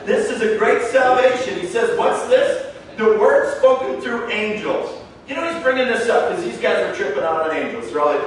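A man's voice: very high voice, animated, moderate pace, slight background noise. A man preaching a sermon in a church, emphatic and conversational. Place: church sanctuary. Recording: echoey room heard from a distance.

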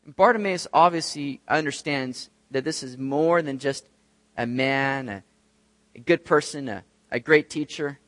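A male pastor reading scripture aloud and preaching an expressive sermon. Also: medium pitch, measured pace, no echo. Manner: expressive, acts out quoted voices.

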